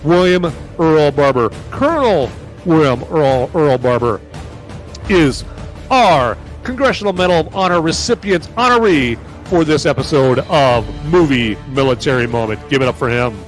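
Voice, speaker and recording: A man's voice: a little high, lively intonation, normal speed, soft background music. A man hosting a live-stream movie review podcast, talking casually and rambling with lots of fillers and restarts. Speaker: podcast host.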